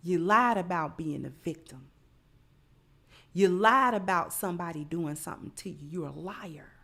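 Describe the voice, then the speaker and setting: A woman's voice: on the low side, expressive, normal speed, fairly bright tone. A woman giving livestream commentary, lecturing through repeated rhetorical questions. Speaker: online commentator.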